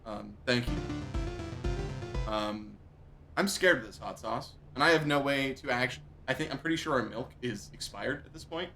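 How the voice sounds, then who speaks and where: A man's voice: medium pitch, normal speed, bright, forceful tone, soft background music. A male streamer in pain from hot sauce, groaning, yelping and repeating himself with watering eyes. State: eyes watering, mouth burning. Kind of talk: live game stream chat.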